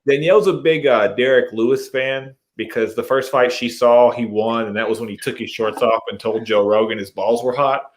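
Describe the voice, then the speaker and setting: A man's voice: mid-range voice, fairly even intonation, moderate pace, few pauses. A man co-hosting a casual podcast, easygoing, often stopping the others to ask questions. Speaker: podcast co-host. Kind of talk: casual chat.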